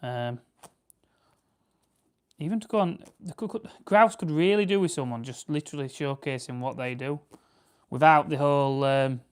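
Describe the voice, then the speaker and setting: A farming channel host from Barnsley, England, chats casually with a Yorkshire accent on a livestream while preparing game birds. His voice is on the high side and clean, at a moderate pace with long pauses, and he rambles and corrects himself as he answers viewers.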